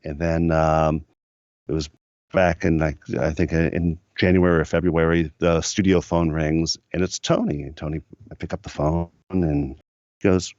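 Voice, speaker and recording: Recalling his time in the studio, a middle-aged producer from the US talks in a loose, filler-packed way as a podcast guest. His tone stays level, a little slow and mellow, deep and low. The recording is dry and a touch dull, with no room sound.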